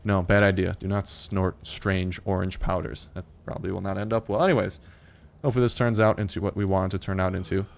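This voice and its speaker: A man's voice: low-pitched, little pitch movement, quick pace, vocal fry. A young man giving casual gameplay commentary in a rambling, jokey way with plenty of swearing. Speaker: gaming YouTuber.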